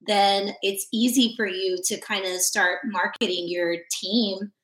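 A woman's voice: mid-range voice, steady tone, a little slow, fairly bright tone. A woman joins a casual podcast chat, speaking enthusiastically and leaning on fillers. Her voice comes through with a roomy echo around it. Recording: echoey room.

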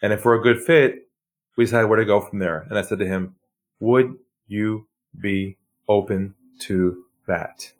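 As a sales trainer guest on a podcast interview, a man tells sales stories at a measured pace, acting out phone calls with lively shifts. For effect he drops his voice low and quiet, then jumps high when playing excited callers.

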